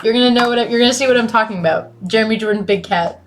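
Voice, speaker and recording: A teenage woman streaming, chatting casually and excitably, cursing often and swinging from loud outbursts to mumbles. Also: on the high side, racing, few pauses, soft background music. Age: late teens. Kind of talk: casual chat.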